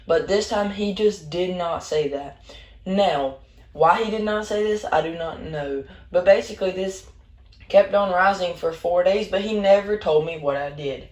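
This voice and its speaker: A man narrating a storytime story in a slangy, rambling, animated way. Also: high voice, normal speed. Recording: roomy echo.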